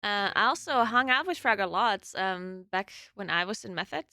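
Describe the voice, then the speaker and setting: A woman's voice: mid-range voice, lively intonation, moderate pace, sharp tone, no echo. A young woman from South Tyrol with a South Tyrolean German accent, chatting casually with her live chat as a streamer, giggling often and swearing casually. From South Tyrol, Italy.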